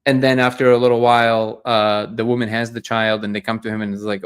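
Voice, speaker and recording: A man's voice: mid-range voice, flat delivery, fairly quick, few pauses, smooth. A man hosting a daily live discussion show, talking in an earnest, reflective way and often repeating words as he gathers his thoughts.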